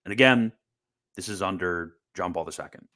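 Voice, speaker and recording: Combative low-voiced man commentator. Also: moderate pace, sharp tone. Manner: combative, sarcastic, frequent restarts. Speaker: Catholic commentator. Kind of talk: casual livestream commentary.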